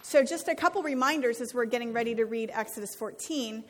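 A woman's voice: fairly high pitch, fast talker. A woman giving a sermon, reading scripture aloud with casual, chatty asides. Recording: long reverb of a hall.

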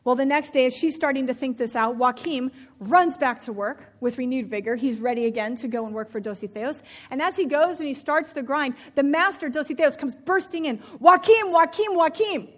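A woman telling a story aloud in a lively, expressive way. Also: high-pitched, a little fast, few pauses. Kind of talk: spoken storytelling.

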